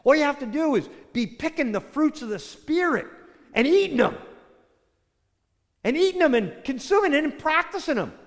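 An older man preaching a sermon as a pastor, telling a story and swinging between loud bursts and soft, hushed lines. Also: very high voice, lively intonation, normal speed, in a large hall.

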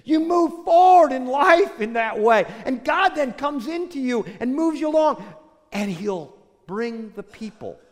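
Older guy preaching, high voice, loud then real quiet, church echo. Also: expressive, a little slow. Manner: storytelling, swings between loud bursts and soft hushed lines. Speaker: pastor. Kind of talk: sermon.

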